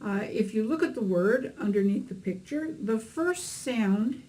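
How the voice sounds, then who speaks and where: A woman's voice: a little high, lively intonation, unhurried, mellow, rough recording. A woman teaching beginners to read Hebrew, explaining letters and vowels patiently with a few fillers. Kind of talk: instructional lesson narration.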